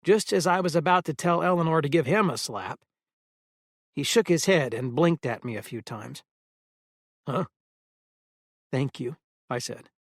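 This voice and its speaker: A man narrating a first-person audiobook in a steady storytelling manner. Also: on the high side, moderate pace, no echo, clean studio sound.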